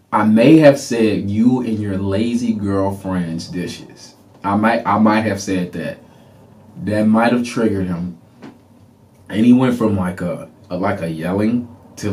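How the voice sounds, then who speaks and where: A man hosting a podcast, telling a personal story in an animated way and acting out the people in it. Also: fairly low pitch. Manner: animated, laughing, reenacts people. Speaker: podcast host.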